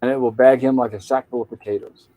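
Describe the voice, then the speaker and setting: A man's voice: medium pitch, steady tone, quick pace, warm tone, rough recording. A man casually retelling a TV episode scene by scene as a podcast co-host, quoting its lines in his own plain voice.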